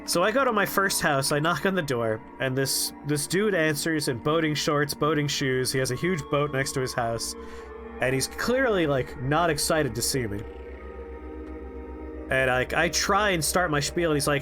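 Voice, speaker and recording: A man's voice: a little high, moderate pace. A man casually telling a funny story on a game stream, acting out the people in it. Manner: animated, quotes people in shifting voices, laughs. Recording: faint music behind.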